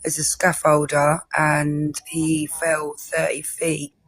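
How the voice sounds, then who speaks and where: Lady in a spiritual group chat, gentle, explaining stuff. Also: low-pitched, monotone, slow. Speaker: participant.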